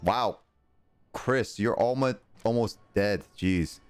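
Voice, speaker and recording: Low-voiced man streaming a game. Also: slow pace, smooth, no echo, faint music behind. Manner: rambling, talks to chat while playing. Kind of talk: casual gameplay livestream chat.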